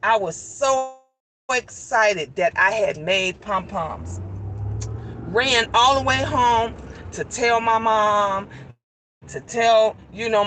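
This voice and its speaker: Woman, middle-aged, rambling emphatic storyteller, bright voice, faint hum behind. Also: mid-range voice, low-quality recording. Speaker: vlogger. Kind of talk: casual chat.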